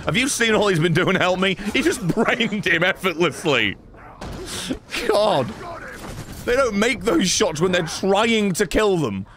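A man giving sarcastic, excitable let's-play commentary, swearing often and talking back to characters in the game. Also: high voice, a little slow, a little hiss or hum. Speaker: gaming streamer.

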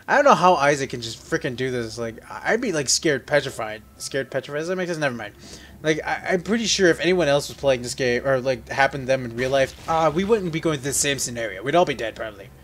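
A man giving casual let's play commentary, joking and rambling, with sudden loud yelps, while sick. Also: mid-range voice, animated, fast, a little hiss or hum. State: sick, on medication.

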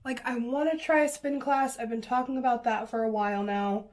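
A woman's voice: a little high, steady tone, fairly quick, a little mellow. A woman beauty vlogger with a sniffly nose, chatting casually through a makeup tutorial in a gushing way. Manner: gushing, chatty, lots of fillers and exclamations.

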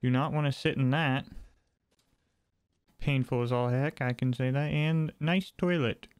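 A man's voice: mid-range voice, fairly even intonation, unhurried, clean tone, dry recording. A man giving let's play commentary on a horror game, talking to himself, jumpy and wry as he explores. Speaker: gaming channel host.

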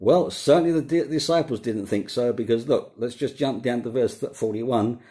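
A man speaking as a pastor, giving an informal devotional talk in a conversational way, often pausing on fillers and restarting his sentences. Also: medium pitch, warm tone.

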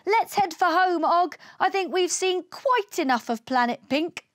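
A woman voicing a small, eager male alien who pilots a spaceship in a storybook, exclaiming in a raised, bright voice. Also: extremely high pitch, expressive, unhurried, dry recording, clean studio sound, pitched above the performer's own voice. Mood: excited.

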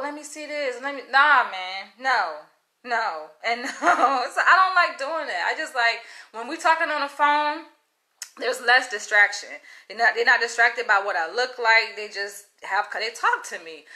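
A woman vlogger telling a story to camera in a casual, blunt, animated way, swearing freely. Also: on the high side. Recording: echoey room.

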